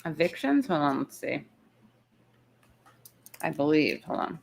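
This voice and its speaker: A woman's voice: deep voice, big pitch swings, unhurried, vocal fry. A woman hosting a live chat show, talking casually, rambling and interrupting herself, and saying she is tired. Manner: chatty, rambling, self-interrupting. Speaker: show host. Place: in the city, not her usual spot.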